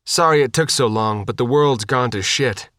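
A man voicing a steady soldier in an audiobook, calm and reassuring as he tends a survivor. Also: mid-range voice, moderate pace, no room sound, studio quality, lightly acted. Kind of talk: audiobook character voice.

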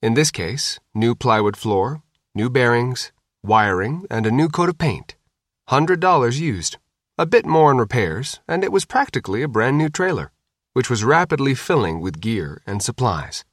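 A man narrating a novel with a wry, steady storytelling manner. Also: medium pitch, moderate pace, no room sound, studio quality. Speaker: audiobook narrator. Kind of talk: scripted narration.

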